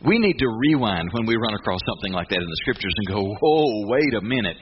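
A man's voice: on the low side, fast. A man preaching a sermon in a conversational, emphatic, folksy way. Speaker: pastor. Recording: muffled with steady hiss.

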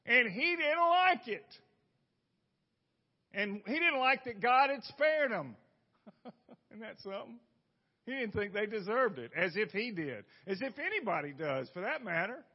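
A man preaching a conversational sermon, folksy and quick to toss rhetorical questions to the room. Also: high voice, very animated, husky, dull audio. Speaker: pastor.

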